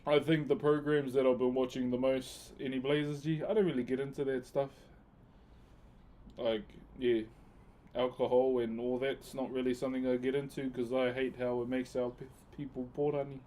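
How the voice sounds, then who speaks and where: A man's voice: medium pitch, level tone, moderate pace, dark tone. A man chatting casually on a live stream, thanking viewers by name and using Maori words. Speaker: live streamer and wood carver.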